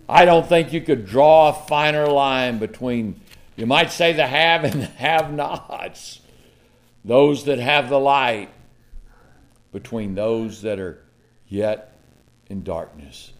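A man preaching a sermon, reading King James scripture with dramatic swings from loud to hushed and breaking into folksy asides with chuckles. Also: medium pitch, slow pace.

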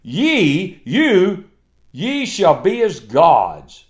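A preacher doing a sly scheming devil. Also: male voice, high voice, huge pitch swings, extremely slow, exaggerated voice.

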